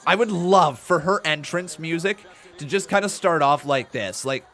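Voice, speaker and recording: A man hosting a live watch-along stream, giving animated, joking reactions and commentary. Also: on the high side, normal speed. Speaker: host.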